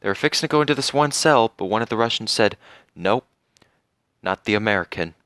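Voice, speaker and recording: A young man reviews a TV series in an unhurried, earnest way, pausing often and filling gaps with little fillers. His voice sits a bit low and sounds smooth and clean. The recording is dry, with no room sound. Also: expressive, fairly bright tone, dry recording. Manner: earnest, heartfelt, with many fillers and pauses. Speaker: TV show reviewer. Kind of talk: casual spoken review.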